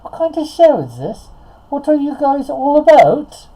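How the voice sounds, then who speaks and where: A man's voice: very high-pitched, sing-song, unhurried, warm tone, voice pushed up, heavily acted, rough recording. A man doing a put-on British accent, voicing a posh man who pretends to have no idea what the show is about. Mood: mock-innocent.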